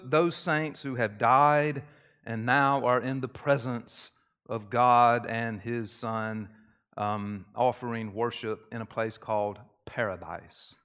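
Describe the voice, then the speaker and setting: A man preaching a sermon, leading a short prayer and explaining terms in a measured way, repeating key phrases for emphasis. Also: medium pitch, a bit bright. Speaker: pastor.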